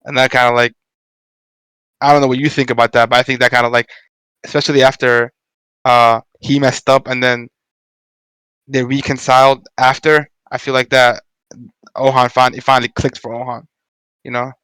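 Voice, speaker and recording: A man's voice: mid-range voice, level tone, fairly bright tone, smooth, dry recording, poor audio. A man in a casual fan discussion, rambling and restarting with many fillers. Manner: rambling, halting, lots of likes and restarts.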